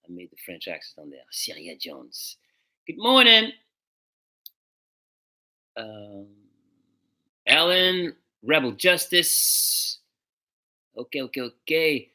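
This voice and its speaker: A man hosting a casual music livestream, greeting viewers by name in a relaxed, chatty way and slipping into French and Spanish greetings. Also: mid-range voice, slow pace, long pauses. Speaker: musician hosting a live stream.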